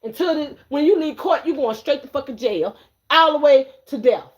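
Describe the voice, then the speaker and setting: A fairly high-voiced woman doing a tarot reading on a livestream. She sounds brash and cursing, swaggering as she throws taunting questions at her viewers. She says lines twice over and laughs in their faces. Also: normal speed. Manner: profane, confrontational and swaggering, with mocking laughs; repeats phrases and calls out to viewers. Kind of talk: live-streamed card reading.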